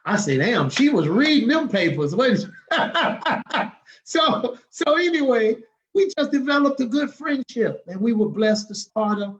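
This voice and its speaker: A man tells stories as a podcast guest, animated and quick to act out other people's lines. His voice sits high for a man, and the recording sounds dull and lo-fi. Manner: animated, acts out the people he quotes, laughs often. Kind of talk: casual storytelling.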